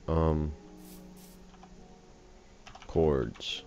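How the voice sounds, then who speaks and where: A man's voice: a bass voice, unhurried, long pauses, a little mellow, faint music behind. A tired man rambling and joking through casual game commentary, easily distracted. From USA. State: tired, just woke up. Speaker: gaming channel host. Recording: dull lo-fi recording with faint hiss.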